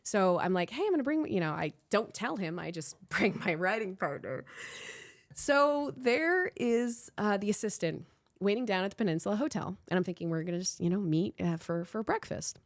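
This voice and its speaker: A woman hosting a podcast, telling a candid personal story in an animated way, swearing freely and acting out what people said. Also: medium pitch, normal speed. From Miami, Florida. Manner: animated, swears freely, acts out quotes with a rising voice. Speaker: podcast host.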